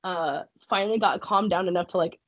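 A young woman talks casually on a podcast, swearing freely and breaking into laughs as she tells her story. Her voice is husky and slightly breathy. It is recorded close and dry, with no room sound. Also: fairly low pitch, fairly quick, no room sound, dull audio. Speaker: podcast guest, wrestler.

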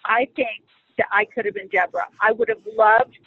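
A middle-aged woman speaking as a guest on marriage and faith, teaching in a conversational, animated and humorous way. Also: mid-range voice, brisk. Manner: animated and humorous, acts out quoted lines. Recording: phone-like dry audio.

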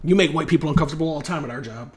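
A man co-hosting a comedy podcast, talking casually and profanely and often slipping into quick character voices. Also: on the high side, crowd noise. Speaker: podcast co-host.

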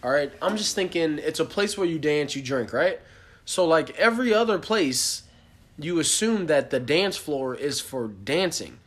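Animated young man telling a story. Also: on the high side, moderate pace. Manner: animated, swears a lot, acts out quotes. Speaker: podcast co-host. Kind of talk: casual storytelling chat.

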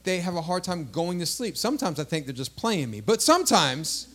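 A man's voice: fairly high pitch, big pitch swings, brisk, a bit bright. A man in his thirties, a pastor preaching a sermon emphatically, calling out to the congregation and drawing out key words.

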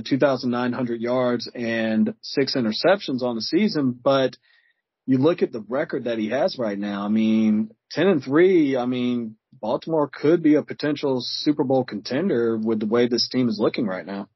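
A man of middle pitch talks football in loose, rambling sentences, often groping for a name. His voice comes across dry and close but dulled by lo-fi remote audio. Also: moderate pace, husky, dry recording. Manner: rambling, searches for words, fills with "I mean". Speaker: podcast guest. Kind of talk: casual sports chat.

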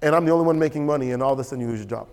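In a large hall, a man preaching as pastor races along in a medium-pitched, darkish voice. He is forceful and repetitive, hammering his main lines and often asking the audience for assent.

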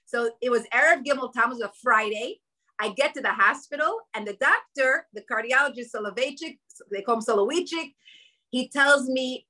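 A woman's voice: high-pitched, moderate pace, bright, forceful tone, poor audio. A woman telling a personal story at a women's gathering, emotional and quoting her own inner thoughts, with religious Jewish vocabulary.

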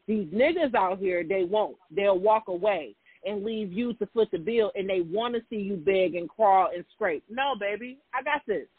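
Her medium-pitched voice is slightly rough and moves at a moderate pace with few pauses as she co-hosts a relaxed talk show. She speaks candidly and emphatically, saying things more than once to drive them home, over a dry, tinny, phone-like recording.

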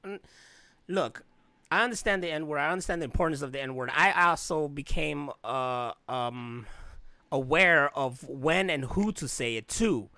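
A man's voice: a little high, unhurried, pushed and bright, no echo. A man from Chicago in casual podcast chat, rambling through a personal story and acting out the voices of people he quotes. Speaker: podcast co-host.

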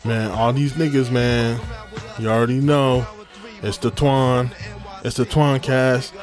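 A man hosting his own podcast, rambling casually with profane, slangy shout-outs and lots of repetition. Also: mid-range voice, steady tone, takes it slowly, faint music behind. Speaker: podcast host.

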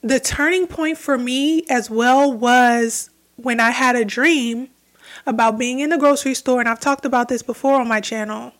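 A woman's voice: on the high side, fairly even intonation, normal speed. A young adult woman talking alone on her spiritual podcast, earnest and reflective, repeating phrases for emphasis. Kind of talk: solo spiritual podcast talk.

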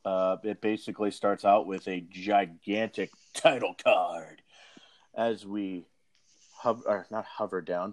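A man's voice: fairly low pitch, unhurried. A man hosting a casual movie review podcast, talking in a rambling way with many fillers and restarts. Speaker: podcast host.

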